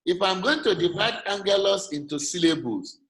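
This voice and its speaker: A man's voice: sits high, lively intonation, normal speed, fairly bright tone. A man with a Nigerian English accent teaching an online class, patiently checking that his students follow. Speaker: lecturer. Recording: echoey room, faint noise.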